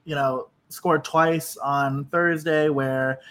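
A man hosts a casual podcast chat, rambling loosely and poking fun at himself. His voice sits a little high for a man. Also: steady tone, slow, a bit bright. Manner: loose, self-deprecating rambling. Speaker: podcast host.

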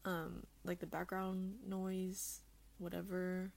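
In a casual solo podcast recorded on an earphone mic, a young woman host rambles bubbly and self-deprecating. Her low voice is creaky and darkish, delivered in a monotone and at an unhurried pace.

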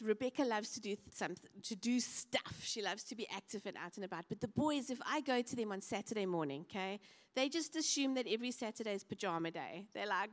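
A woman preaching a sermon, telling stories animatedly and acting out the voices of the people in them. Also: on the high side. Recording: reverberant hall.

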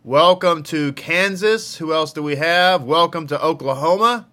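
A man's voice: on the high side, a little slow, sharp tone. A man with a Texan accent, a rabbi casually greeting livestream viewers with joking asides. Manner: chatty, joking, calls out viewers.

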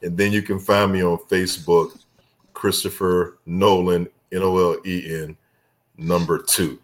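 A man's voice: deep voice, level tone, unhurried. A man guest on a talk show, chatting casually, drifting off on tangents and laughing as he spells things out. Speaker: guest filmmaker. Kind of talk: casual podcast chat.

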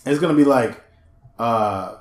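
A man's voice: medium pitch, measured pace, echoey room. A man co-hosting a casual podcast chat, telling stories with lots of swearing and laughter. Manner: animated, profane, laughing storyteller. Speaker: podcast co-host.

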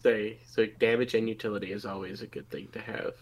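A man's voice: lowish voice, fairly even intonation, brisk. A man co-hosting a casual tabletop game podcast, easygoing and agreeable. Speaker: podcast co-host. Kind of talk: casual chat about tabletop game spells.

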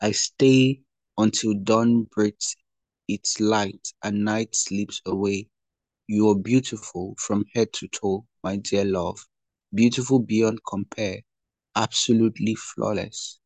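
A man reading as a tender male lover, slow and low. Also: darkish tone, dry recording. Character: adoring young male lover.

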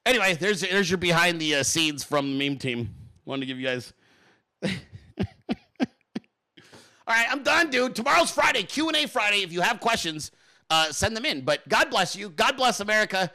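A man's voice: moderate pace, long pauses. A middle-aged man hosting his own podcast, telling a story in a loose, profane way and then ranting, with mimicked voices thrown in. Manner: animated, profane, mimics others in high voices. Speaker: podcast host. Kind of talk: casual storytelling and political rant.

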